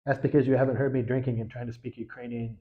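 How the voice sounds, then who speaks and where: A man's voice: medium pitch, little pitch movement, quick pace, phone-quality sound. A man from the United States hosting a casual livestream, chatting with viewers in a rambling way, full of fillers and restarts. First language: English. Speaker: livestream host.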